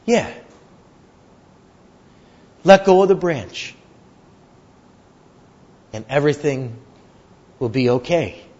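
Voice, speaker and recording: A man voicing a calm, reassuring divine voice answering from above. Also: fairly high pitch, slow pace, long pauses, pitched below the performer's own voice. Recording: dull lo-fi recording.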